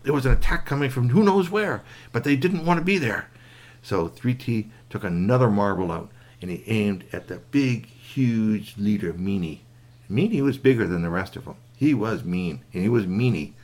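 A man telling a bedtime story to a child, animated, with sound effects and asides to the listener. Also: on the low side, moderate pace.

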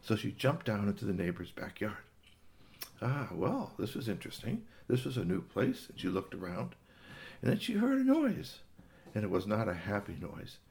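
A man's voice: on the low side, huge pitch swings, normal speed, gravelly, darkish tone. Man telling a rambling children's story. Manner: rambling, with fillers and gasps.

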